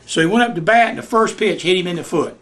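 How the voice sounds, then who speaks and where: Brief: older man, high-pitched folksy storyteller, home interview. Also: fast talker, a bit bright. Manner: folksy Southern storyteller, acts out voices in his anecdotes. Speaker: retired youth baseball coach. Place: living room of his house.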